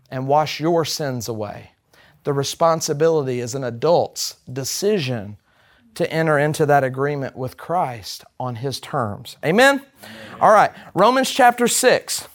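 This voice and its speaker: A man's voice: fairly high pitch, animated, measured pace. A man teaching a Bible class, speaking emphatically and putting rhetorical questions to the group.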